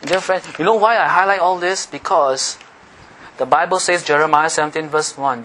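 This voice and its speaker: Lively preacher with bright tone. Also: male voice, high-pitched, fairly quick, slight background noise, low-quality recording. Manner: animated, teasing the congregation with questions. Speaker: pastor. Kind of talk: sermon.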